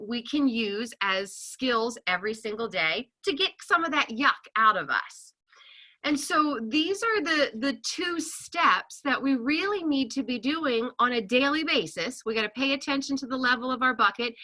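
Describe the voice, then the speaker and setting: A high-pitched woman gives a friendly talk as a counselor to a group of women. Her voice is very bright and ringing, and she keeps her listeners close with constant "okay?"s and "right?"s, laughing easily between points. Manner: chatty, checks in with "okay?" and "right?"; animated, laughs often. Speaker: licensed counselor.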